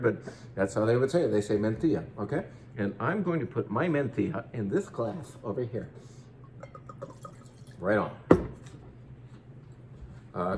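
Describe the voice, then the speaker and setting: A man in his fifties hosts a relaxed wine tasting in a lowish voice, chatty and quick with playful asides on pronunciation. The sound is roomy and echoey, with a faint hum of noise underneath. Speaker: wine shop host. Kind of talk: casual wine tasting talk.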